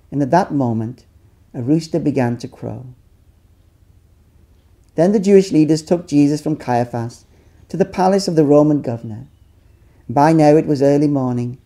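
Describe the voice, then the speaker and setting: Dark-voiced pastor reading scripture. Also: male voice, fairly high pitch. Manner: measured, dramatic reading.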